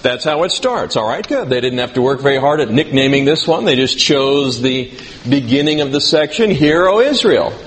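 A man's voice: medium pitch, moderate pace, a bit bright. A man preaching in a conversational teaching style, reading scripture aloud and asking his listeners questions. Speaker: preacher teaching a Bible class. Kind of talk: sermon.

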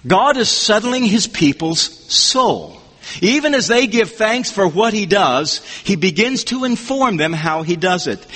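High-voiced man preaching in echoing hall. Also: sharp tone. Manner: measured, emphatic scripture reading. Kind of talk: expository sermon. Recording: long hall reverb.

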